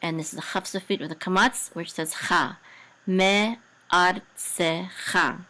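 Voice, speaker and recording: A woman's voice: lowish voice, steady tone, a little slow, sharp tone, rough recording. A woman teaching a language lesson, patiently sounding out words syllable by syllable, with hesitant fillers and restarts. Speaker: Hebrew and Torah cantillation teacher.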